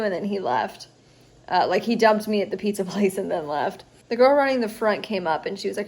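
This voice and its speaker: A young woman talks through a casual storytime vlog from her home, rambling and chatty with fillers throughout. She sounds tired, and her voice sits at an ordinary middle pitch for a woman. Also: lively intonation, a little fast, darkish tone. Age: young adult. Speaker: student vlogger.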